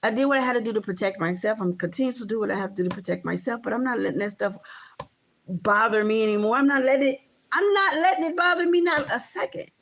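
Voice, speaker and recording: A woman's voice: fairly high pitch, fast, a bit bright, slight background noise. A woman in her thirties ranting casually to camera as a vlogger, emphatic and repetitive, with frequent swearing. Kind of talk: casual vlog rant.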